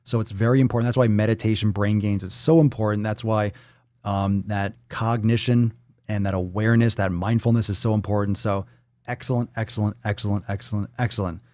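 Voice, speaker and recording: A man hosting a fitness livestream. He talks casually, reacting to viewer posts with loud jokes, swearing and pep-talk coaching. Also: fairly low pitch, fairly even intonation, brisk, dry recording, studio quality. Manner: loud, profane, joking, coaching.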